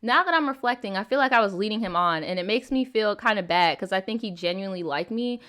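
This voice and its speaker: A woman's voice: mid-range voice, expressive, fast talker, fairly bright tone. Blunt, laughing young woman storytime host. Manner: blunt, profane, laughs often, interrupts herself. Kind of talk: reading viewer stories aloud with commentary.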